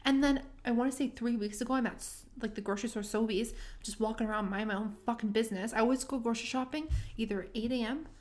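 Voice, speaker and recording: A young woman co-hosting a podcast, casually telling dating stories, animated and swearing freely as she acts out what people said. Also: a little high, fast, hardly any pauses. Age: young adult. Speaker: podcast co-host. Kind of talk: casual chat, storytelling.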